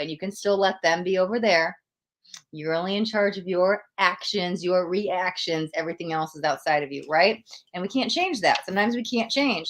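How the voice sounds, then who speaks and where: A young woman hosting a live-stream tarot reading, emotional and gushing as she talks straight to her viewers. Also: on the low side.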